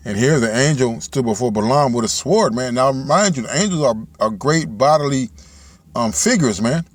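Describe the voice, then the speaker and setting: A man giving informal Bible teaching, talking loosely and reading scripture aloud in a slow, measured way. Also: medium pitch, expressive, dry recording. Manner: loose and conversational, ends phrases with "man" and "all right"; reads scripture aloud in slowed, measured cadence.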